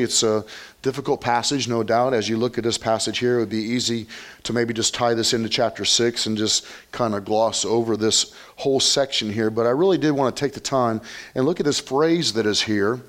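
A pastor, a man with a mid-range voice, preaches an earnest sermon. He reads scripture aloud and tells the story with rising animation. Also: medium pitch.

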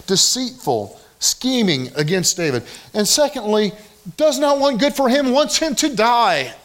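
Male pastor, slightly high voice, emphatic sermon delivery with hushed drops. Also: big pitch swings, measured pace. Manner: emphatic preaching with repetition, dropping to soft near-whispers.

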